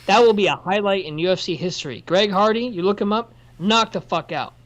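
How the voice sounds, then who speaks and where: A podcast co-host whose voice sits at an ordinary middle pitch, launching into heated, swear-filled rants during a casual chat. The rants often trail off into apologies. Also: brisk. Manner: profane, heated ranting. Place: workplace.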